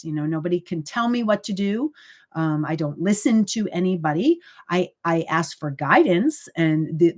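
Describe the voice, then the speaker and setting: A woman's voice: lowish voice, a little mellow. A middle-aged woman, a psychic medium, talking casually and earnestly on a live stream, with many fillers and sudden emotional lifts.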